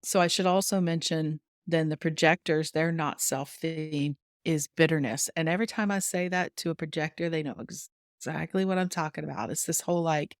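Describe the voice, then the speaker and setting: A woman guest on a wellness podcast, explaining warmly and chattily, laughing often and acting out little quotes. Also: low-pitched, fairly even intonation, fairly quick, no echo, clean studio sound. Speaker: human design guide, guest.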